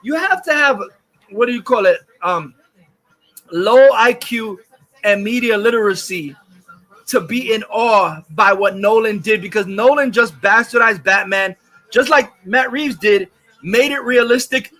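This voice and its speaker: High bright-voiced man ranting angrily. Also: measured pace. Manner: profane, ranting, repetitive; reads chat comments aloud. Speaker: livestream host. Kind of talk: angry livestream rant.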